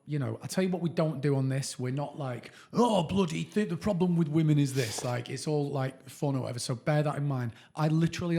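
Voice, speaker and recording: A man's voice: medium pitch, gravelly, darkish tone. A middle-aged man co-hosting a podcast, telling stories in casual chat, laughing often and swearing now and then. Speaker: podcast co-host.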